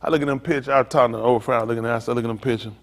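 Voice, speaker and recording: A man's voice: mid-range voice, steady tone, very fast, in a large hall. An older man, a pastor, teasing a group and telling funny stories in a loose, joking way. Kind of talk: comedic storytelling to a group.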